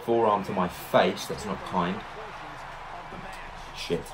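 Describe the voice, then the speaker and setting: A man giving excitable let's-play commentary, narrating each move and reacting loudly as he plays. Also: lowish voice, takes it slowly, crowd noise. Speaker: gaming YouTuber.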